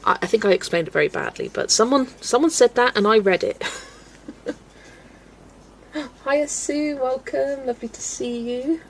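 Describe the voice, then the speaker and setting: A woman hosting a relaxed livestream, chatting and laughing with viewers as she greets them by name. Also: fairly high pitch, normal speed, pauses often, a little hiss or hum. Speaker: livestream host. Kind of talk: chatty livestream while colouring, reading chat.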